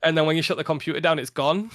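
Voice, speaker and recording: A tired young man chatting casually on a podcast about his gaming channel, rambling with frequent laughs and a slightly flat delivery. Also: on the high side, quick pace, a crowd in the background. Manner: rambling, laughs often, a little flat from fatigue. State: tired after a long day. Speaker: podcast guest, content creator.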